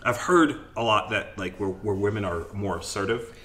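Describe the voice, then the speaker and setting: A man's voice: fairly low pitch, moderate pace, a bit bright. A young man hosting a podcast, chatting casually, swearing and laughing often. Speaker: podcast host. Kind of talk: casual chat.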